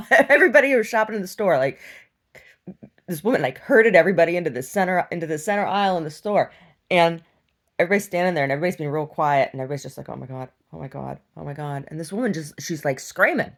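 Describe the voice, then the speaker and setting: A young adult woman telling a story in a casual, animated vlog rant, laughing and swinging between loud outbursts and hushed asides. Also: on the low side, fast. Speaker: vlogger.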